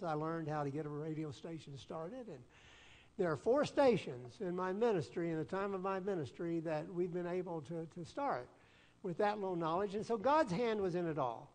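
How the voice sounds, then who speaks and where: Southern pastor preaching in a reverberant hall. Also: male voice, high voice. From Southern United States. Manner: earnest, folksy, self-deprecating, with frequent restarts. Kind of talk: storytelling sermon. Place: church sanctuary. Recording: long church-hall reverb.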